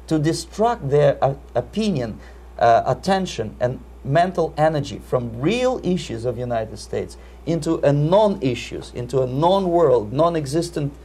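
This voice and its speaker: A man with a Russian accent answering interview questions in a measured, emphatic way, often repeating words. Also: medium pitch, dark tone, slightly rough. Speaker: interviewee, Soviet defector. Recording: 1980s video interview.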